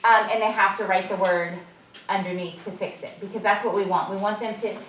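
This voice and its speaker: A woman teacher leading a phonics lesson for a few children and explaining her method to watching teachers, with clear, drawn-out prompts. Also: mid-range voice, fairly even intonation, a bit bright, a little hiss or hum. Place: classroom. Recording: echoey classroom from far off.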